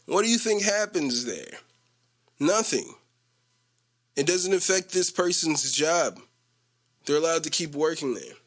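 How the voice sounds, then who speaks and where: A young man telling a story in a casual podcast rant, animated and slangy, laughing often. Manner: animated, slangy, mimics coworkers with a low voice. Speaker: podcast host.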